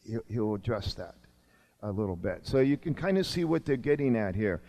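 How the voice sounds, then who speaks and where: A man in his sixties, a longtime pastor, preaching a sermon with emphatic swings between urgent raised lines and quiet low asides. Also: very animated, moderate pace.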